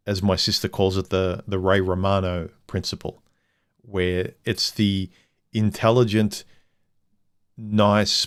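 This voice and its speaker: A man with a very low, deep voice talks through a casual livestream monologue. He is candid and blunt, and his thoughts ramble from point to point. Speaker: livestream host.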